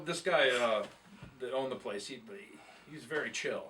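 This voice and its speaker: A man's voice: mid-range voice, a little fast, recorded from a distance, background noise. A man telling a long, rambling, profane tour story in casual chat, laughing at himself as he goes. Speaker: guest musician telling tour stories.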